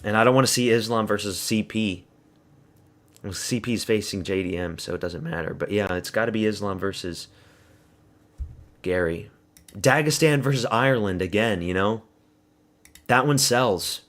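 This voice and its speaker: A man's voice: fairly low pitch, moderate pace, long pauses, fairly bright tone. A man streaming a fight watch party, chatting casually and answering viewers while calling the action, with plenty of swearing. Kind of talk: casual live fight commentary.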